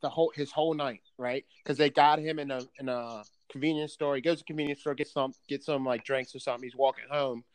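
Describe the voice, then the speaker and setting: A man in casual chat, telling a story in an animated way, swearing freely and often restarting his sentences. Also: medium pitch, quick pace, hardly any pauses, dry recording.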